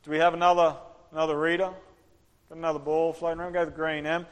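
A man preaching an interactive sermon, animated and acting out the voices of the people in his story. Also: fairly high pitch, fast. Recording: long hall reverb.

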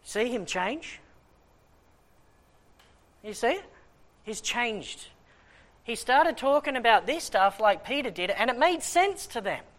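In a very high-pitched voice, a man reads Bible passages slowly during a teaching sermon, pausing for lively asides that dramatize what his listeners would ask.

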